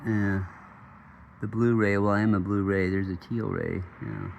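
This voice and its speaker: A man with a low, gravelly voice talks off the cuff for his channel. He swears freely and wanders from one aside to the next, circling back to finish his story. It sounds like loose, unscripted monologue talk. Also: unhurried, darkish tone, dull audio, a little hiss or hum. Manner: profane, digressive storyteller. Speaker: channel host. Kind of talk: rambling casual monologue.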